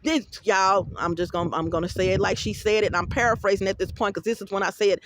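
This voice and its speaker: A woman speaking at a middling pitch who rambles through a casual vlog monologue. She talks bluntly and swears freely. Her storytelling is animated, and she often turns to address her viewers directly. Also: fast, slight background noise. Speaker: vlogger.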